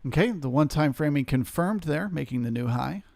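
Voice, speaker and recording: A man's voice: fairly high pitch, expressive, fairly quick, vocal fry, darkish tone, no echo. A man hosting a live trading stream, giving casual, explanatory market commentary full of jargon into a close mic.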